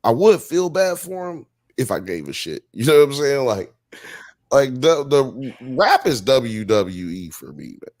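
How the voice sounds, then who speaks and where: Man, podcast co-host, casual chat, slangy, animated, rhetorical questions, dry close mic. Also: medium pitch, a little slow, no echo. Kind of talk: casual chat on a live stream.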